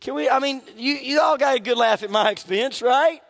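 High-voiced preacher in a reverberant hall. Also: male voice, brisk, creaky, fairly bright tone. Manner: conversational, joking, laughs at himself. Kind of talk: sermon. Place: church sanctuary. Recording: long reverb of a large hall.

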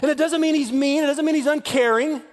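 High-pitched pastor guy preaching hard, acts out the quotes, big hall echo. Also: fairly even intonation, fast. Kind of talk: sermon. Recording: long hall reverb.

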